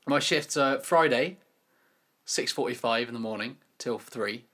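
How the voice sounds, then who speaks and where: A man's voice: medium pitch, measured pace, fairly bright tone. A young man co-hosting a podcast, with a mid-range voice. He talks in a loose, chatty way and drops dry, sarcastic asides. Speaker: podcast co-host. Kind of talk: casual chat.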